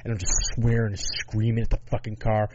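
Low-voiced man, rambling and profane. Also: completely flat delivery, lo-fi sound, heavy background noise. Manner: rambling, profane, halting restarts. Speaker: podcast co-host. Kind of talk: casual chat.

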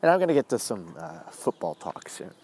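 A man's voice: lowish voice, very animated, brisk, darkish tone, a little hiss or hum. A man hosting a podcast, talking in a rambling, profane way while outdoors walking his dog. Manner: rambling, profane, self-interrupting. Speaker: podcast host. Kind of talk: rambling casual monologue.

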